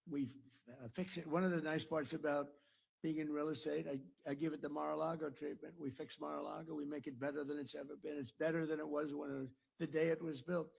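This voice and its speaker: A man's voice: on the high side, gravelly, a little mellow, husky. An older American man giving an after-dinner speech at a podium mic in a dinner hall, rambling, repeating himself and boasting. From United States. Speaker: political speaker.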